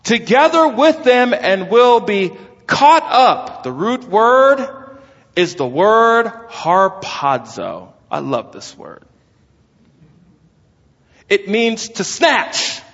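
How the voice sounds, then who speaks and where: A man's voice: extremely high pitch, very animated, slow, pauses often, a bit bright. A man preaching an expository sermon, emphatic and exclaiming as he explains a text. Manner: emphatic, exclaims and stretches words. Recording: lo-fi with long hall reverb.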